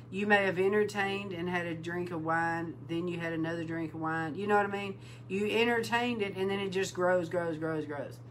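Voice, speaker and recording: Lowish-voiced woman preaching with animated emphasis. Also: slight background noise, rough recording. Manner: animated, repeats words for emphasis, addresses listeners as bride; breaks into loud exclaiming and laughter. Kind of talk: informal sermon.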